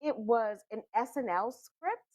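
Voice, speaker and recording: A woman joins a casual movie panel. Her voice sits high and swings widely as she presses her points. She repeats words and restarts sentences when she gets worked up. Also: unhurried. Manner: animated, emphatic, stammers when excited. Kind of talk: casual chat.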